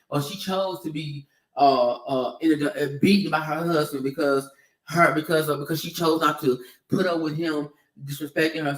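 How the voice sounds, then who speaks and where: Male commentator, heated and profane, slightly high voice, off-mic echoey room. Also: recorded from a distance. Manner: heated, emphatic, profane, repetitive. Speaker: video commentator. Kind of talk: ranting opinion vlog.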